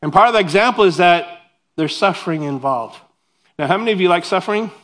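This is a sermon from a pastor whose voice sits high and moves at a quick pace. Between reading and explaining scripture, he tosses in lively, humorous jabs at himself.

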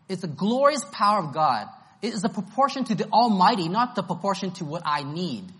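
A man's voice: high-pitched, a bit bright. A man preaching an expository Bible-study sermon, emphatic and enthusiastic, repeating his key phrases.

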